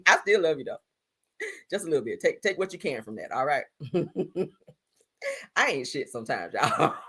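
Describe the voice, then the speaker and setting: A woman's voice: medium pitch, bright, forceful tone. A woman hosting a live stream, giving blunt, sassy gossip commentary and calling her viewers "honey" and "girl.".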